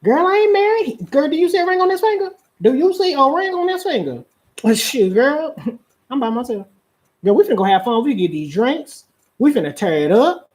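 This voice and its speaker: Woman putting on a sassy, loud party girl. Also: high-pitched, sing-song, moderate pace, voice pushed up. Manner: brash, sassy, keeps saying "girl". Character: loud partying young woman gossiping with girlfriends.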